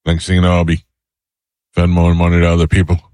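A man's voice: low voice, completely flat delivery, quick pace, a little mellow, clear, resonant tone, no room sound. A middle-aged man hosting a morning radio show, telling stories dryly and acting out the quotes, on a studio mic. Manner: dry storytelling, acts out quotes. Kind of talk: casual morning radio chat.

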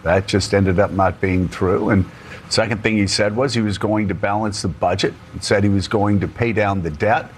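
A man's voice: fairly low pitch, steady tone, normal speed, slight background noise. A man hosting a political talk show, talking emphatically with sarcastic asides. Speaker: host.

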